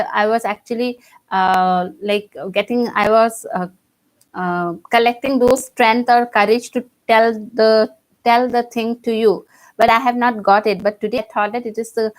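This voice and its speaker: A woman teacher with an Indian English accent explaining a play line by line, with many fillers and restarts. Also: a little high.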